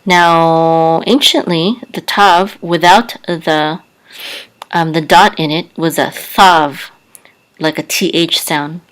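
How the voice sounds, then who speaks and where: A woman giving a patient language lesson, soft-spoken and careful, stopping often with fillers as she spells out sounds. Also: deep voice, steady tone, takes it slowly, rough recording. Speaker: Hebrew teacher.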